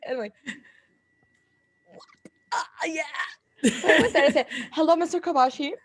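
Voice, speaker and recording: A young woman guest on a podcast, telling stories with giggly excitement. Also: high voice, measured pace. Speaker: guest wrestler. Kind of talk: casual interview chat.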